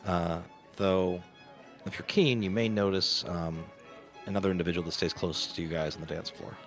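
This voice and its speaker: A man's voice: low voice, steady tone, normal speed, soft background music. A man narrating as game master of a tabletop game, laid-back and hesitant, full of ums.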